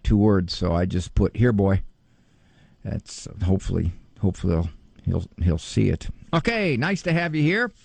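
A man's voice: medium pitch, a little mellow, no echo. Guy hosting a psych call-in radio show, bouncy up-and-down voice, jokey and rambly, dry studio sound. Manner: joking, self-deprecating, rambling.

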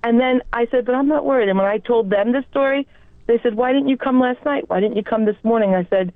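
A woman's voice: a little high, fast talker, no echo. A woman with a New York accent calling in to a radio show, telling a personal story in an earnest, rambling way. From New York area. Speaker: caller. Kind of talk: phone-in testimony. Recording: tinny phone line.

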